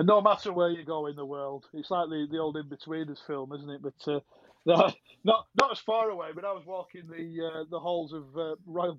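A man co-hosting a casual football podcast, self-deprecating and quick to laugh, heard over a dull lo-fi line. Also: a little high, no echo. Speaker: podcast co-host.

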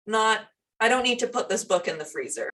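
A woman's voice: medium pitch, expressive, brisk, bright, forceful tone, recorded from a distance. A woman co-hosting a podcast in casual chat, chatty with many fillers. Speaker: podcast co-host.

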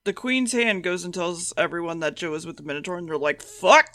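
A woman's voice: fairly low pitch, lively intonation, fairly bright tone. A woman co-hosting a podcast who recaps an episode's plot flippantly and with swearing. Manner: flippant, sweary recap with quick voiced quotes. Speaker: podcast co-host.

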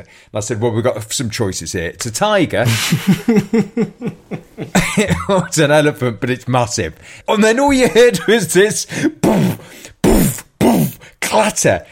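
A man, co-hosting a show and telling a story in lively casual chat, often laughing and swearing. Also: on the high side, unhurried, vocal fry, breathy edge. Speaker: radio co-host.

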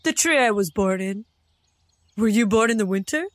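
A woman's voice: medium pitch, animated, moderate pace, no room sound, studio quality, natural voice. A woman voicing a blunt, cheerful goblin in a comedy sketch, matter-of-fact and giggly. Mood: upbeat. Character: blunt cheerful goblin roommate, proud of scaring people.

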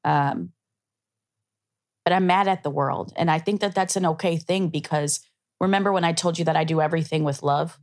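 A woman's voice: deep voice, moderate pace. Passionate emphatic woman podcast host. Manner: passionate, emphatic, tearful at times. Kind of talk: emotional casual conversation.

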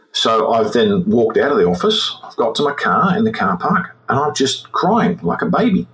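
A man's voice: medium pitch, sing-song, fairly bright tone, rough recording. A man in his sixties with an Australian accent, a retired forensic examiner telling his story in an interview, often repeating words as he goes. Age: 60s. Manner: halting, repeats words as he recounts.

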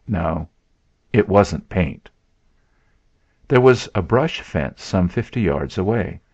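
Slow, deep-voiced male storyteller. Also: a little mellow, no echo. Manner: slow and deliberate. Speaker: narrator. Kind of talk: first-person story narration. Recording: dull lo-fi recording.

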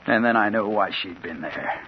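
An actor playing a hard-boiled crime reporter in a 1940s radio drama, narrating in a terse, urgent first-person voice. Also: male voice, lowish voice, moderate pace, lightly acted. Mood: brooding. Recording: old radio broadcast, dull with faint hiss.

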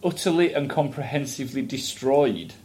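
A man's voice: medium pitch, sing-song, normal speed, darkish tone. Sardonic man co-hosting a podcast. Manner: sardonic, jokey, reads quotes aloud. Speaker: podcast co-host. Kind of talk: casual political chat.

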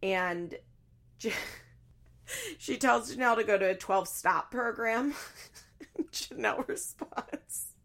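A young woman casually recapping a reality show, chatty and animated, putting on shrill voices when she quotes people. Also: slow pace, pauses often.

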